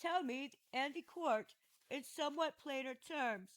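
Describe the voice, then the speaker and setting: A woman's voice: high-pitched, measured pace, fairly bright tone, rough recording. A woman narrating an audiobook voices an aging male philosopher who defends himself at trial with patient, ironic questions. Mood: ironic questioning. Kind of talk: audiobook reading of a classic dialogue.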